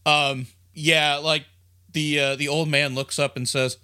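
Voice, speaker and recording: A man's voice: fairly high pitch, a little slow, smooth. A man running a tabletop game as game master, narrating casually with many fillers. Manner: relaxed, hesitant, lots of fillers.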